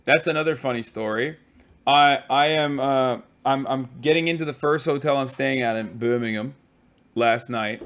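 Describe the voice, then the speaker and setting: A man livestreaming from a hotel room, telling stories in a casual, profane, animated way. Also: mid-range voice, moderate pace, clear, resonant tone. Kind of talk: casual stream chat.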